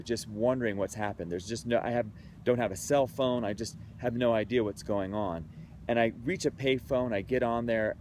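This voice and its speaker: A man's voice: mid-range voice, a little mellow, a little hiss or hum. Earnest man telling a story outdoors. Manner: earnest, heartfelt, conversational. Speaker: creativity speaker. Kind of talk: personal storytelling talk.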